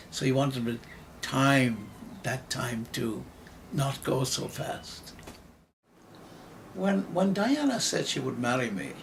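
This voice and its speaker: An older Irish man with an Irish accent, a writer and actor being interviewed, reflects slowly and hesitantly, often restarting his phrases. His mid-range voice is creaky, with slight background noise.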